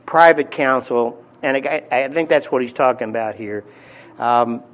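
A man's voice: medium pitch, dull audio. A man preaching a sermon in a conversational teaching style, with frequent fillers and restarts. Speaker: pastor.

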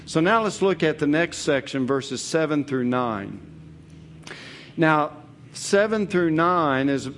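A man's voice: on the high side, a little hiss or hum. A man teaching verse by verse through a psalm in an earnest, emphatic way, repeating key phrases. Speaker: preacher. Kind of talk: expository Bible teaching.

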